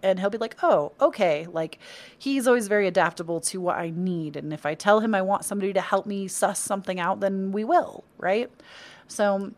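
A woman's voice: medium pitch, brisk. A young adult woman hosting a casual solo podcast, chatty and encouraging, with lots of "um" and "like". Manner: chatty, encouraging, with many fillers like "um" and "like". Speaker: podcast host and content creator.

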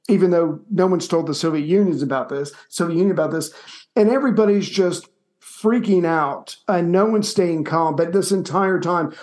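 Guy on a history podcast, bit higher voice, animated, swears casually. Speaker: co-host.

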